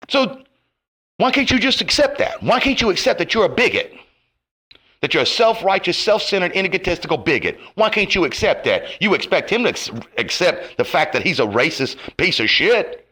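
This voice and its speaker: A man's voice: on the high side, pushed and bright. A man delivering a profane, confrontational rant to camera, his heat rising and falling. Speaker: online commentator.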